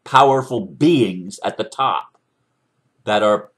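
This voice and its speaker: A man's voice: fairly low pitch, slow, fairly bright tone. A man giving an impassioned commentary monologue, emphatic and preachy, driving his points home with rhetorical questions. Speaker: commentator responding to another speaker.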